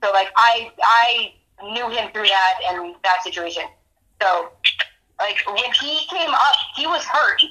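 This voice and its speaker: A woman on a podcast, telling an animated story in casual sports chat with plenty of swearing. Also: mid-range voice, unhurried, rough recording. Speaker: podcast co-host.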